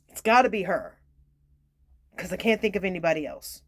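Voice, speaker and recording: A woman's voice: fairly low pitch, fairly quick, long pauses, no room sound. Chatty woman reading tarot. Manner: chatty, self-mocking asides. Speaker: tarot reader. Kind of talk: casual tarot reading, reading card meanings aloud.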